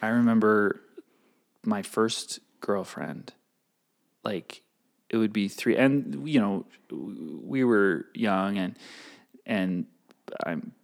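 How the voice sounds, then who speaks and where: A man's voice: fairly low pitch, slow pace, creaky, long pauses. A young man co-hosting a casual chat, rambling and self-deprecating, laughing often.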